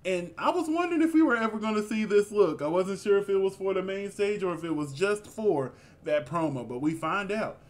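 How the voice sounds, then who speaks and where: A man co-hosting a casual review chat, animated and exclamatory, with sassy asides. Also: high voice, fairly quick, few pauses. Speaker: co-host reviewing a reality show.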